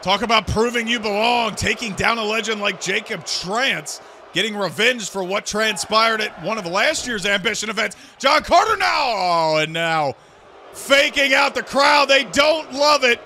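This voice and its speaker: A man calling wrestling action play by play, loudly and excitedly. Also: sits high, moderate pace, slight background noise. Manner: loud, shouting calls of the action. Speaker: play-by-play commentator. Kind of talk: excited wrestling game commentary.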